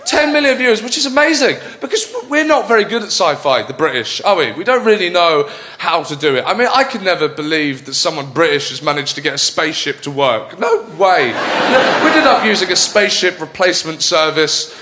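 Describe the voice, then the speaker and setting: A man's voice: high-pitched, lively intonation, a little fast, bright, forceful tone. A man doing a chatty stand-up routine in a comedy club, with self-mocking asides. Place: comedy club stage with live audience. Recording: roomy hall with crowd.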